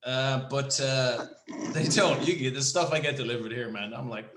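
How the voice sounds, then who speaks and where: A young Irish man co-hosts a casual podcast, joking around, swearing freely and slipping into silly voices. His mid-range voice moves at a moderate pace in a roomy space with background noise.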